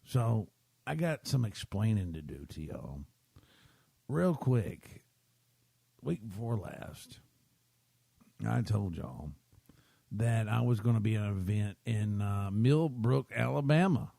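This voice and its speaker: A man's voice: on the low side, lively intonation, takes it slowly, vocal fry, pauses often, dark tone, no room sound. A man, hosting a podcast and rambling through a self-deprecating story while checking in with his listeners. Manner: chatty, keeps checking in with listeners. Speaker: podcast host.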